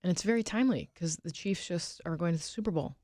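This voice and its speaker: A woman co-hosting a morning radio show, quick and teasing in her replies. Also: on the low side, mellow, dry recording, studio quality. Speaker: radio co-host. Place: radio studio.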